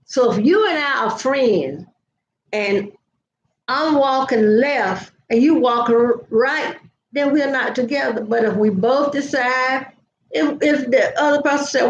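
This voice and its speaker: A woman's voice: sits high, unhurried, echoey room, muffled recording, slight background noise. An older woman telling stories to viewers in a chatty live video, laughing often. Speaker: vlogger. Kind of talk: casual live chat.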